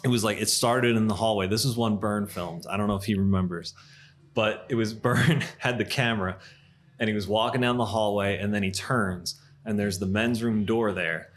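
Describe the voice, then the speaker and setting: A man in his thirties, a podcast guest in a coffee shop, telling funny stories in a quick, laughing way. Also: on the low side. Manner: animated, laughing, fast anecdotes. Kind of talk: casual storytelling chat.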